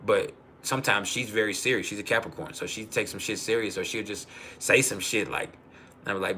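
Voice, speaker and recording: A man's voice: on the low side, brisk, pushed and bright, slight background noise. A man talking casually on a livestream, swearing freely and laughing often as he tells stories. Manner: profane, laughing storyteller. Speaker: livestream host.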